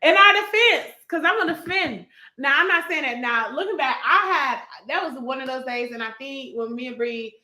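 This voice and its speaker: A young woman co-hosting a casual chat, expressive and quick to jump in with comments. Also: high voice. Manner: expressive and reactive, jumping in with comments. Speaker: podcast co-host. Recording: echoey room.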